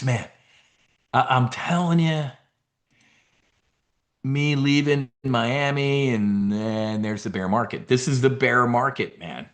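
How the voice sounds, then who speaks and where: A man talks in a fast, rambling live-stream rant, blunt and a little profane. He stumbles and restarts mid-thought, and his mid-range voice jumps up and down a lot. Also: medium pitch, a bit bright. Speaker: host of a trading and market show.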